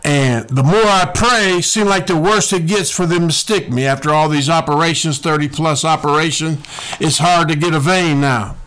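A man's voice: a little high, normal speed, fairly bright tone. A man preaching a sermon, repeating lines and calling the listeners to respond.

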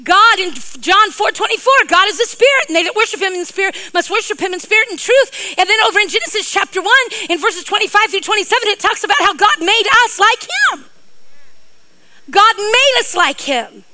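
A woman's voice: very high voice, lively intonation, brisk, pushed and bright, poor audio. A middle-aged woman preacher giving a sermon, playful and joking, with rambling asides to her congregation.

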